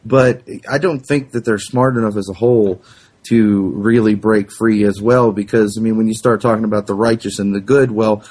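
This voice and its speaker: Husky-voiced man hosting a talk show. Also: fairly low pitch, steady tone, normal speed, a little mellow. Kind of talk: casual political chat.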